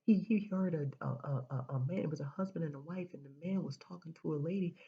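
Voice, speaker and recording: Gravelly, husky woman giving spiritual encouragement. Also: sits low, quick pace, highs cut off. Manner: emphatic, repetitive, drops into whispers. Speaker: spiritual speaker. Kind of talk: spiritual motivational monologue.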